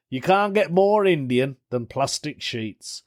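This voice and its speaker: A man's voice: high-pitched, no room sound, clean studio sound. A man hosting a podcast in a casual chat, jokey and rambling, laughing often at his own asides. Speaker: podcast host.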